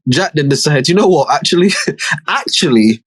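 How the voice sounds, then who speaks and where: A man's voice: fairly high pitch, lively intonation, moderate pace, a bit bright, husky. A young man, co-hosting a casual podcast and animatedly recapping a TV show with lots of swearing. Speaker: podcast co-host. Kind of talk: casual banter podcast chat.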